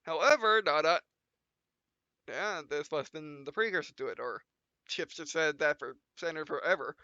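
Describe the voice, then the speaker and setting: A man casually commenting on a game he is playing, rambling and correcting himself as he stumbles. His voice is high, bright and smooth. The recording is dry and slightly lo-fi. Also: normal speed, no echo. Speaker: let's play host.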